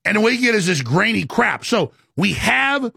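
A man's voice: high-pitched, sing-song, vocal fry, pushed and bright, slightly rough, dry recording, studio quality. A man delivering an impassioned, ranting monologue, repeating words as he pushes his points. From Texas. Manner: ranting, rapid and repetitive.

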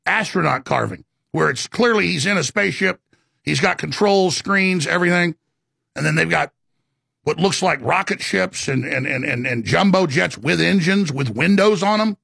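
A man's voice: a little high, expressive, moderate pace, gravelly, a bit bright, slightly rough, no room sound, studio quality. A man hosting a talk show, delivering an impassioned, rambling monologue with emphatic stresses and many stammered restarts.

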